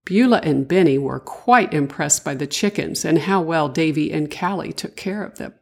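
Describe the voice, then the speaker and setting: An older woman, a grandmother, narrating a children's story in a gentle, sing-song way with a breathy voice. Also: low-pitched, moderate pace.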